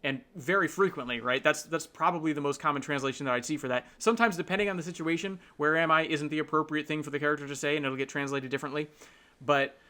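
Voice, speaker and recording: A man's voice: a little high, fast talker, sharp tone. A man hosting a casual explanatory talk, thinking aloud and often checking in with his listener. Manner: keeps checking in with tag questions; thinks aloud with restarts and fillers. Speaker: host.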